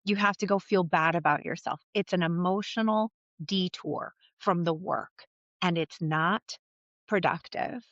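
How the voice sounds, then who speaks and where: A woman's voice: fairly low pitch, measured pace, a bit bright, dry recording. Candid woman coach, dull dry recording. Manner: candid, conversational, blunt with casual swearing. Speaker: life coach, podcast host. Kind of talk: solo podcast monologue.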